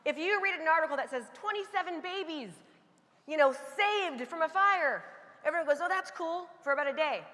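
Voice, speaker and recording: A bright, forceful woman delivers a motivational talk from a stage and leads the crowd in chants that she often shouts. Her voice sits high, and the recording carries the long reverb of a big hall. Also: expressive, a little fast. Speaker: motivational speaker.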